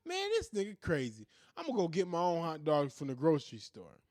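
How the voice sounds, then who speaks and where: A loud, scoffing male customer, indignant and profane, as a podcaster puts him on. He pitches high and swings his voice up and down. The sound is dry and close. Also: wildly swooping pitch, fairly quick, dry recording.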